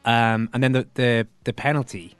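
A man hosting a football podcast, asking quick questions and reading rules aloud. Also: medium pitch, steady tone, clear, resonant tone, no echo. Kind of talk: casual podcast chat.

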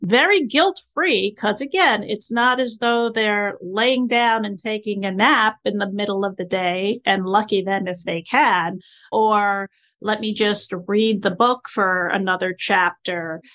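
Woman podcast host, chatty and emphatic, unhurried delivery. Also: medium pitch, a bit bright. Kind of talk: casual podcast conversation.

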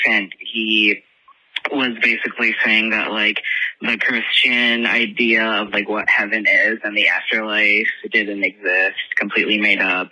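A man telling a long story in a casual, rambling way, filling almost every pause with filler words, as a recorded message from a listener. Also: fairly low pitch, sharp tone, slightly rough, low-quality recording.

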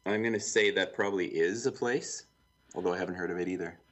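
A man's voice: low voice, fast talker. A man from Canada, a music producer guest on a podcast, talking frankly and with self-deprecating humor. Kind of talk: casual interview chat.

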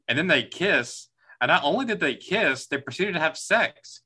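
Very bright-voiced man ranting about films. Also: a little high, expressive, moderate pace, breathy edge. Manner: exasperated, rambling, laughs often. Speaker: podcast host. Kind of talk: casual movie discussion.

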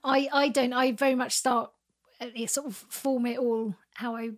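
Woman, casual chat, pitched a touch high, halting delivery. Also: steady tone. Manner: hesitant, lots of fillers and restarts. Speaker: songwriter.

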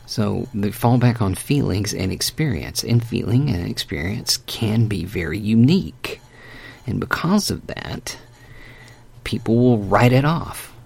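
A man preaching a conversational sermon, animated and emphatic, with folksy asides as he walks through a Bible passage. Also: fairly low pitch, measured pace, vocal fry, breathy edge.

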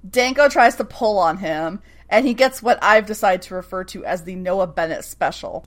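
Animated woman recapping with profane asides. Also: medium pitch. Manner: animated, swears freely, acts out lines in quick asides. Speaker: podcast co-host recapping a TV episode. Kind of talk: casual chat.

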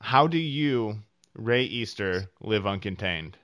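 Smooth-voiced podcast host man. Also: on the low side, expressive, slow pace, fairly bright tone, no room sound, clean studio sound. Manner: easygoing, jokey questioning. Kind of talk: casual interview chat.

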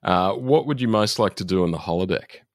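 A podcast host asking quick questions and giving brief reactions. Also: deep voice, animated, no echo, studio quality. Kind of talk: casual podcast interviewing.

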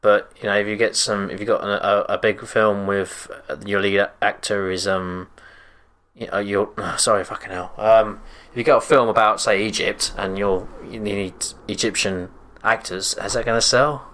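A man's voice: lowish voice, fairly even intonation, moderate pace, a bit bright. A man with an English accent in casual podcast chat, talking hesitantly with many restarts. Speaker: podcast co-host.

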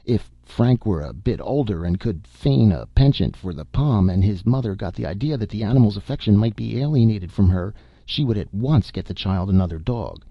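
A man's voice: on the low side, lively intonation, normal speed, vocal fry, hardly any pauses, dry recording, dull audio, voice pushed up. A man reading the part of a genial family doctor who jokes and dodges questions. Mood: jovial. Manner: jovial, evasive.

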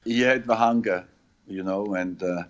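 A man whose first language is not English, a former football manager answering radio interview questions slowly, with many pauses and fillers. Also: fairly low pitch. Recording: muffled lo-fi line.

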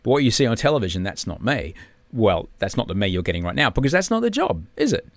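A man's voice: medium pitch, very animated, quick pace, gravelly, no echo. A man, a guest in casual chat, speaking candidly and a little subdued while recovering from surgery. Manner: candid, swearing, drops to a whisper at times. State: subdued, in pain after surgery. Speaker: podcast guest, TV host.

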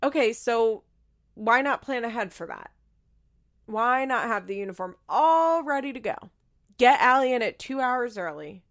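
A young woman podcast host talking in a loose, gossipy recap style, her pitch bouncing up and down a lot. There's a gravelly fry in her voice, and she swears casually and laughs between sentences. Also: animated, moderate pace, a bit bright. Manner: chatty, swears freely, frequent laughter.

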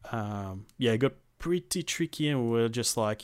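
A young man talks through a game in easy, unhurried chat, dropping swear words and filling pauses with ums. His voice sits in a middle register and is captured very dry and close to the mic. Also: medium pitch, clean tone, no echo. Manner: relaxed, swears freely, many ums. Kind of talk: casual gaming chat.

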